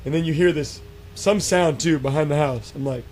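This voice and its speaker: A man telling a spooky encounter story in a casual, animated way, acting out quotes with many fillers and restarts. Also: a little high, moderate pace, a loud crowd. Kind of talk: casual storytelling on a radio show.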